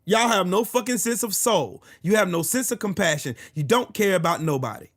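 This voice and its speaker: A man rants furiously at his live chat. His voice sits high, and he swears and shouts his way through every point. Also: lively intonation, brisk. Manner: furious, profane, shouting at commenters. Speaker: live-stream host. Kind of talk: angry political rant to live chat.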